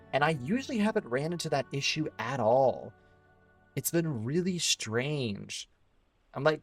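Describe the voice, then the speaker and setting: A man streaming a game who chats loosely as he plays. His voice is mid-pitched, and his talk is full of "like" and "uh" as he thinks aloud. Soft music plays faintly underneath. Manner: rambling, filler-heavy, thinking aloud. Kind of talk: casual gameplay commentary.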